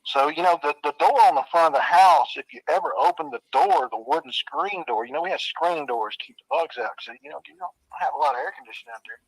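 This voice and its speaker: A man's voice: a little high, expressive, quick pace, hardly any pauses, dry recording, rough recording. A man telling a spooky childhood story in a casual, drawling way, swearing and making sound effects. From Arkansas.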